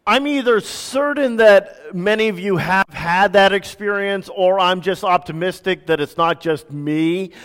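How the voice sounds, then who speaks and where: A man in his thirties, a pastor preaching a sermon with relaxed, self-deprecating stories. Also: fairly high pitch, clear, resonant tone. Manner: conversational, self-deprecating storytelling. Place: church sanctuary. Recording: reverberant church hall.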